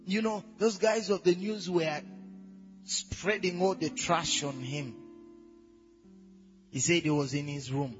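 A man preaching a sermon, measured and then rising to loud, high-pitched exclamations. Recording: dull sound in a reverberant hall with faint music.

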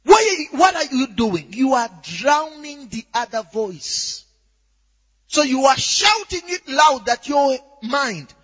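Animated preacher man in an echoey hall. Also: very high-pitched, takes it slowly. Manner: animated, rising to shouts, asks "are you with me?". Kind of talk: sermon. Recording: dull echoey hall recording.

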